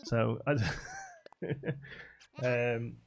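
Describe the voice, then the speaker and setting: A man's voice: mid-range voice, steady tone, extremely slow, creaky. A young man streaming a game live, rambling casually as he answers chat messages aloud. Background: faint game music.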